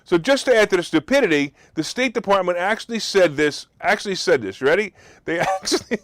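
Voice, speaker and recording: A man's voice: high voice, expressive, fairly quick, a bit bright, no room sound. A man hosting a market talk show, delivering a sarcastic, mocking commentary monologue. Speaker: host.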